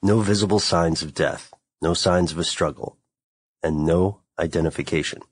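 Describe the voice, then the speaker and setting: A man's voice: deep voice, moderate pace, breathy edge, no echo. A man co-hosting a podcast in casual chat, joking with his co-host.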